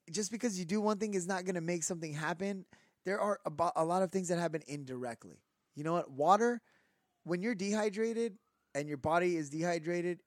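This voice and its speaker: Man, higher-pitched, rambling podcast rant, dry close sound. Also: no room sound. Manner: rambling, animated, drops fillers like "like". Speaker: podcast co-host. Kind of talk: casual rant.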